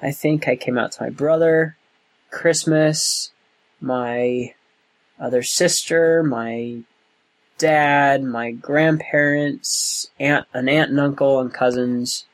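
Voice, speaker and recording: A young man being interviewed, talking in a slow, thoughtful way with many pauses and restarts. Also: medium pitch, steady tone, low-quality recording. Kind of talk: oral history interview.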